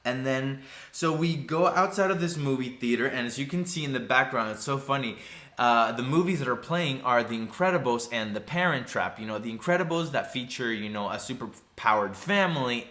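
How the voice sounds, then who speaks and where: A man casually recapping a TV episode, chatty and filled with "you know" asides, sometimes acting out the characters' lines. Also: mid-range voice. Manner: acts out character lines in animated voices. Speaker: TV recap vlogger.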